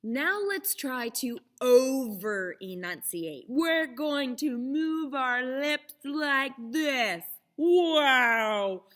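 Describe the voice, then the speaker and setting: Bright, unhurried young theater teacher. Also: female voice, high-pitched, expressive. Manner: encouraging, clearly enunciated. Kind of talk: children's lesson.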